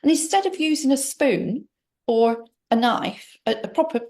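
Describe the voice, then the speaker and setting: A woman's voice: a little high, animated, moderate pace, a little mellow. A middle-aged woman telling a personal story to an interviewer in a rambling, emphatic way, full of restarts. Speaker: interview guest. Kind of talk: personal story told in conversation.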